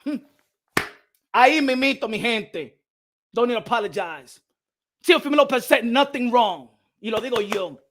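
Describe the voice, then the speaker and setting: High-voiced man ranting on a live stream. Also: animated, moderate pace, pauses often, fairly bright tone. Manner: heated ranting, switching between English and Spanish; repeats phrases for emphasis. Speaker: boxing channel host.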